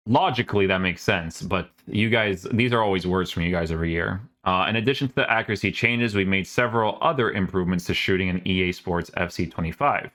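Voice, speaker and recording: Male gamer host, deep voice, offhand sarcastic reactions while reading patch notes. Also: fast talker, hardly any pauses, a bit bright. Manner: casual, sarcastic asides, many fillers. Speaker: gaming YouTuber.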